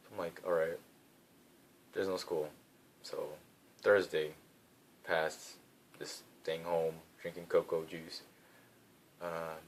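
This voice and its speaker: A man's voice: low voice, slight background noise. A young man vlogging into his phone, telling a rambling, filler-heavy story in a casual chat.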